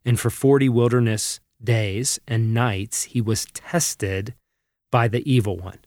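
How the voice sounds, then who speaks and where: A man co-hosting a podcast, earnestly teaching through Bible passages and reading scripture aloud at a slow, deliberate pace. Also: mid-range voice, steady tone, darkish tone, dry recording, clean studio sound. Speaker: podcast co-host.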